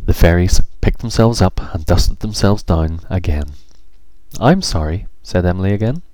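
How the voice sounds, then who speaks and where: Deep-voiced man reading a children's book. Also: normal speed, dark tone, no echo. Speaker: narrator. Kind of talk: children's audiobook narration.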